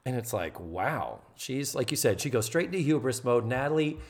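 A chatty male podcast host recapping a TV episode with plenty of expression. His pitch sits mid-range but moves a lot. He keeps the talk casual and animated. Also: moderate pace.

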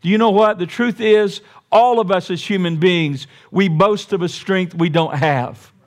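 A man, a pastor, delivering a sermon. He swings from quiet, reflective talk to raised, emphatic repeated lines, with folksy asides. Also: high voice, unhurried.

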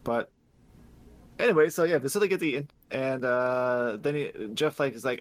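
A man on a podcast casually recapping a video game story, rambling and swearing, laughing as he acts out characters in quick paraphrase. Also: medium pitch, dry recording. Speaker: podcast host.

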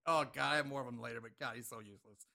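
Man podcast co-host, casual profane recap, bright tone. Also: mid-range voice, steady tone, racing, vocal fry. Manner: laughs often, profane, retells scenes. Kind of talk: casual movie recap chat.

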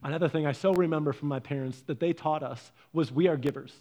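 A man in his thirties tells family stories in a relaxed talk. He brings his parents to life, voicing their lines with lively ups and downs. His voice sits a little on the higher side. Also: fast talker. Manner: animated storytelling, acting out his parents' lines, often lively and raised. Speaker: speaker giving a faith and parenting talk. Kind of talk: storytelling talk.

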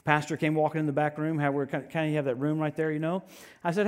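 A man preaching a sermon, telling personal stories with animated swings from loud proclamations to hushed asides. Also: fairly high pitch, quick pace. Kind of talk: sermon with storytelling.

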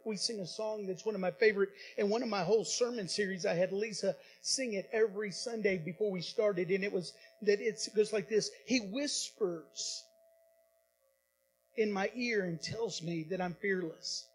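A male pastor preaching a sermon, with dramatic pauses, repetitions and rising emphasis in a church. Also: high voice, low-quality recording.

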